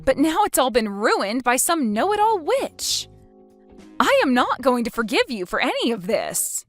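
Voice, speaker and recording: Brief: woman narrator, slightly high, very animated, firm scripted story reading. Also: unhurried, soft background music.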